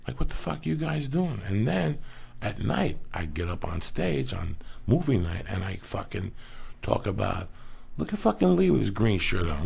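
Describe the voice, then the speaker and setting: A man telling stories as a comedian guest in a casual podcast, profane and animated. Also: deep voice. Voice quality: gravelly. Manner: profane, animated, rapid-fire.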